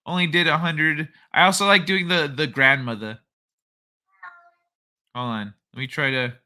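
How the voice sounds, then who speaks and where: A man's voice: on the high side, steady tone, a little slow, pushed and bright. A man hosting a livestream, chatting casually and reading out viewer comments in a rambling way. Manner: rambling, thinks aloud, frequent restarts. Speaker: livestream host.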